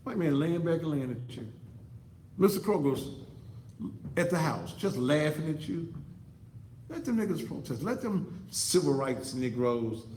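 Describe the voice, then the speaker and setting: A man's voice: a little high, big pitch swings, unhurried, pauses often, darkish tone, echoey room, a little hiss or hum, low-quality recording. A man delivering a fiery, preachy commentary monologue to camera as an online talk show host, repeating himself for emphasis. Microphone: computer setup facing a monitor.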